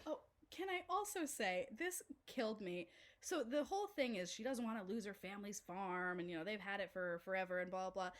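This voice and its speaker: A woman co-hosting a podcast, chatting casually about a film, animated and laughing as she mimics characters. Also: medium pitch, brisk. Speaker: podcast co-host. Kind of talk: casual film-review chat.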